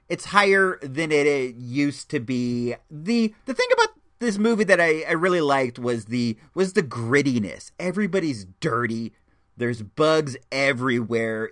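A man's voice: medium pitch, a bit bright. A man reviewing a movie in a casual, chatty way, rambling with many restarts. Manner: enthusiastic, chatty.

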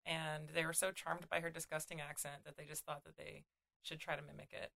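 Gravelly, bright young woman, blunt. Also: low voice, little pitch movement, brisk. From California, USA. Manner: blunt, sardonic. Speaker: podcast co-host, comedian. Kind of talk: casual chat.

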